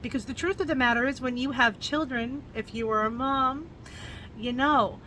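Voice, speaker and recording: A woman's voice: high voice, normal speed, pushed and bright, a little hiss or hum. A woman talking through a novel's plot in a casual book review vlog, earnest and emotional as she retells it.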